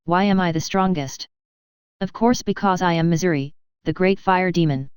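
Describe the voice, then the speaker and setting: A woman's voice: on the low side, normal speed, darkish tone, clear, resonant tone, dry recording, lightly acted. A woman reading character lines as a theatrical young woman who poses as a fire demon, speaking in a grandiose, archaic, self-important way. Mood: boastful. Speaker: audiobook reader.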